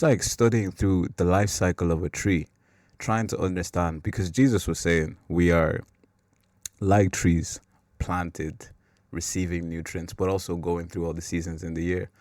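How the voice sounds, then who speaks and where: A man with a very low voice hosts a faith podcast in a relaxed, wandering way. He leans on "like" a lot and laughs at his own slips. The sound is close and dry. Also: no echo. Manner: rambling and self-mocking, with filler "like". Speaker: podcast host. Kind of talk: casual faith talk.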